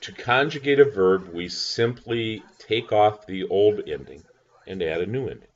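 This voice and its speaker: A man's voice: fairly low pitch, animated, measured pace, muffled recording. A man teaching a recorded lesson, patient, spelling words out letter by letter. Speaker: language teacher.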